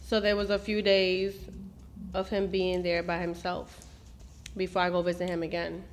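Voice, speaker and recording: In a lowish, monotone voice at normal speed, a middle-aged mother hosting the talk revisits emotional family memories. She drops into Spanish and acts out the words of people she recalls.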